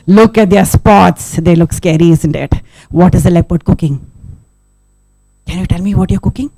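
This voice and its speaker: Lively woman doing a story for kids, asks the crowd stuff, voice goes way up and down. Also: mid-range voice, normal speed, dry recording. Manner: animated, drawing the audience in with questions. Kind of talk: interactive storytelling for children. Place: festival session with a live audience.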